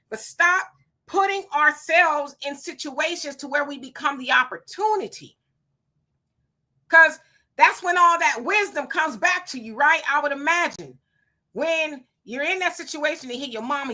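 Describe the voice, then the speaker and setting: A middle-aged woman, hosting a live stream, reading viewer comments and telling stories in an animated, emphatic way; she is hot and sweating. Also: high voice, normal speed. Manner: animated storyteller, emphatic and preachy when warning.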